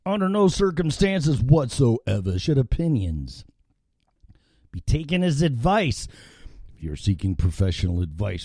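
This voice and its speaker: A man's voice: medium pitch, huge pitch swings, measured pace, dark tone, breathy edge, no echo. A man hosting a live opinionated talk show from an indoor studio, rambling and swearing freely. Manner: profane, rambling and ranting.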